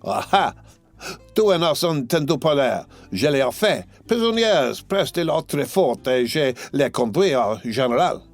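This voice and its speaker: A man's voice: fairly high pitch, very animated, dry recording, faint music behind, pitched above the performer's own voice. A man doing a stern French sentinel. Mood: challenging. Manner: quick challenging shouts.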